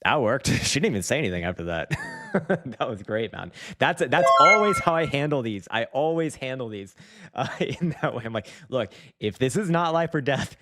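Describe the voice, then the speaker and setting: A man's voice: medium pitch, sing-song, normal speed, heavy background noise. A man hosting a casual livestream, rambling, swearing freely and laughing often. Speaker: trading livestream host. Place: dim room at home.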